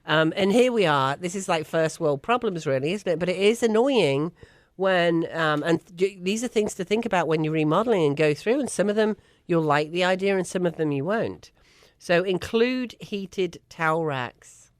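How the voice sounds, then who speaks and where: Co-hosting a relaxed chat show, this woman from England has a lowish voice with lively intonation at a moderate pace, recorded in clean studio sound with no room echo. She's chatty and emphatic, full of enthusiasm and frequent laughter.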